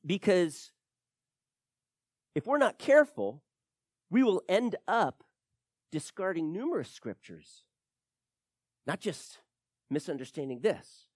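Animated preacher man, lively dry delivery. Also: high-pitched, slow, pauses often, dry recording. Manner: emphatic, animated teaching with frequent repeated words. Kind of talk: verse-by-verse sermon.

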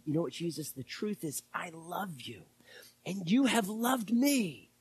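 A man preaching a sermon as pastor, impassioned and then dropping to hushed, whispered prayer. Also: high-pitched, animated, a little slow, husky.

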